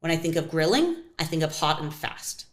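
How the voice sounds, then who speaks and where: An American woman talks very quickly in a slightly low voice, telling stories as an interview guest. She is animated and acts out what people said, with sudden jumps in her pitch. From United States. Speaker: kosher pitmaster guest. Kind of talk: conversational interview storytelling.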